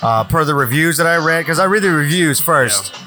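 A man's voice: on the high side, animated, brisk, over music. A man co-hosting a casual podcast chat, rambling and chatty. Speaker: podcast co-host.

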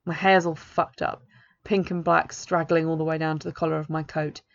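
Low gravelly woman reading a novel. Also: flat delivery, moderate pace. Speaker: author reading her own novel. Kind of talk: first-person novel reading. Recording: dull lo-fi recording.

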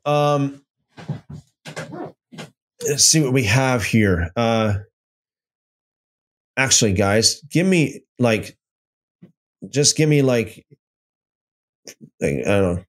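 A man's voice: mid-range voice, expressive, takes it slowly, long pauses. A man hosting a livestream, telling a story loosely with many restarts and then reading out viewer comments. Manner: reads out and answers live chat comments. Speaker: livestream host. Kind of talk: casual livestream teaching.

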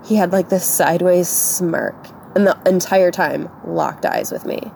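A woman's voice: on the low side, a little slow, creaky, darkish tone, a little hiss or hum. A woman podcast co-host telling a personal story in a casual way, with lots of "like". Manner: tearful and shaken, voice breaking. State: crying.

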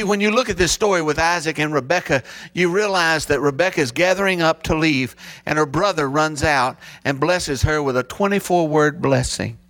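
Middle-aged man, pastor, gravelly and fairly high-pitched, emotional storytelling sermon. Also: fairly bright tone, no echo. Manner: emotional storytelling preacher, voice rising high when stirred.

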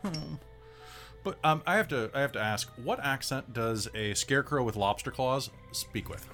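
An American game master describes a fantasy scene in loose, rambling narration, full of fillers and restarts. The delivery is animated, with wide pitch movement. Faint music plays under the session. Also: normal speed. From United States. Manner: loose, rambling, with many fillers and self-corrections.

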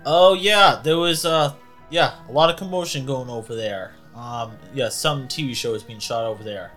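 A man's voice: mid-range voice, normal speed, fairly bright tone, faint music behind, lightly acted. A man doing a chummy, cocky movie star.

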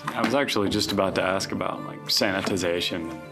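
Hesitant low-voiced man chatting. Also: fast, vocal fry, over music. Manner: hesitant, repeats words while thinking aloud. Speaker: podcast co-host. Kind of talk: casual chat.

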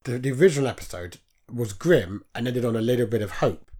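A man's voice: medium pitch, lively intonation, fast talker, darkish tone. A man co-hosting a casual podcast, agreeable and self-deprecating, often chiming in with "yeah". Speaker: podcast co-host. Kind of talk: casual banter.

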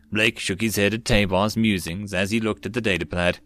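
An audiobook narrator reads a web novel aloud, voicing every part himself and raising his voice for the dialogue. His voice is lowish and a bit bright, with fairly even intonation and a slightly fast pace. There's no room sound.

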